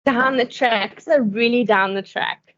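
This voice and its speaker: A woman's voice: fairly high pitch, measured pace, fairly bright tone, muffled recording, a little hiss or hum. A woman giving a conference talk and answering questions, speaking conversationally and laughing often between points.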